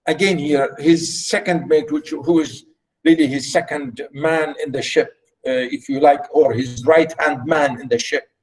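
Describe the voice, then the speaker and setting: A male literature teacher explaining a play in a lecture, halting, with many fillers and restarts. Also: a little high, fairly even intonation, darkish tone, low-quality recording. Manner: halting, full of fillers and restarts, repeats himself.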